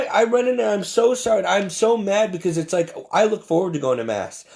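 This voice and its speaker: A man with a notably high voice and a rough, gravelly edge, delivering an impassioned religious monologue. He talks emphatically and preachily, often stumbling and repeating words as he pushes his point. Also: darkish tone. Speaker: Catholic commentator.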